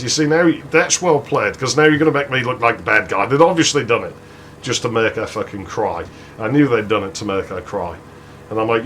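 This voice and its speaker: A man's voice: lowish voice, a little fast, fairly bright tone, slight background noise. A man, a let's play host telling a long, profane story while he plays. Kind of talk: casual storytelling during gameplay.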